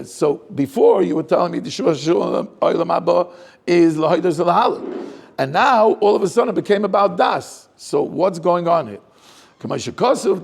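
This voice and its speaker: Gravelly-voiced rabbi probing a text. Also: male voice, high voice. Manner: probing, asks many rhetorical questions. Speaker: rabbi teaching a class. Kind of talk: Torah class, questioning the text aloud.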